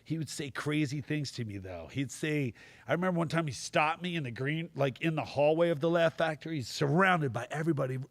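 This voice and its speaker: Animated storytelling comedian, dry sound. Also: male voice, on the high side, fairly quick, no room sound. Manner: animated anecdotes with acted quotes. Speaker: guest comedian. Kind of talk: storytelling in podcast chat.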